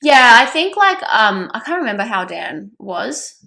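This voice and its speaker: Bright-voiced woman in casual podcast chat. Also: a little high, very animated, measured pace, creaky. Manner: reassuring, supportive, chatty with "like" fillers. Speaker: podcast co-host.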